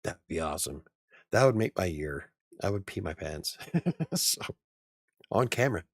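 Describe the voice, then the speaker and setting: A man's voice: deep voice, expressive, moderate pace, dry recording, studio quality. A man hosting a casual livestream chat, rambling, joking at his own expense and laughing often. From United States. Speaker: livestream host.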